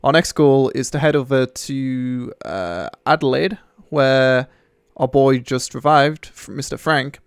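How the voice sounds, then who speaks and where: A man's voice: mid-range voice, measured pace, vocal fry, smooth, dry recording. A man hosting gameplay commentary with friends, joking and rambling through explanations. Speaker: gaming channel host.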